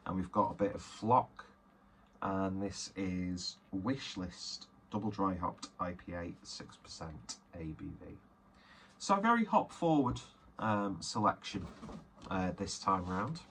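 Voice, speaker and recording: A man's voice: low-pitched, expressive, slow pace, a bit bright, slight background noise. A man chatting casually and self-deprecatingly as he unboxes and reviews beers, rambling with many fillers. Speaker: beer reviewer.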